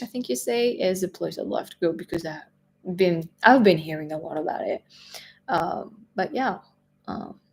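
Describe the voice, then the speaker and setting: A woman's voice: mid-range voice, a little mellow. A woman with a French accent, a native French speaker, hosting a casual live stream chat, reading viewer questions aloud, laughing often and restarting her sentences. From France. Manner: chatty, laughs often, repeats words and restarts.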